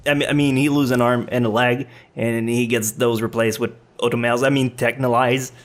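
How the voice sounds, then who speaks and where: A man's voice: mid-range voice, level tone, normal speed. A man hosting an anime countdown video, reading scripted commentary with joking asides and self-deprecating stumbles.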